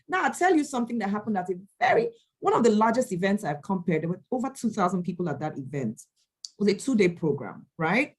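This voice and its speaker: A woman, an event MC answering questions in a motivational talk, emphatic and animated as she tells stories. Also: mid-range voice, fast talker, breathy edge. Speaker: event MC and speaker.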